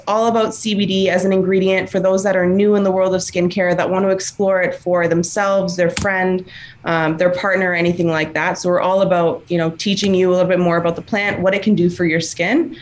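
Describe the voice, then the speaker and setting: A woman's voice: lowish voice, fairly even intonation, fairly quick. A woman guest from a skincare company, friendly and explaining her products in an interview. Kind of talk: promotional interview answer.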